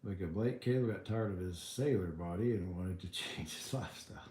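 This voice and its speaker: A man with a fairly low voice chats casually with his viewers, wandering through his answers with plenty of ums, false starts and dry asides. His voice carries around a roomy, echoey space. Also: a little fast, warm tone. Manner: rambling, frequent ums and restarts, wry. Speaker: livestream host answering chat. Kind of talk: casual chat reading viewer comments.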